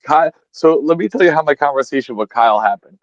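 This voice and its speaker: A man's voice: fairly high pitch, animated, fast, no echo, highs cut off. A man with a New England accent co-hosting a fishing podcast, retelling phone calls in an emphatic, profane casual chat. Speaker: podcast co-host.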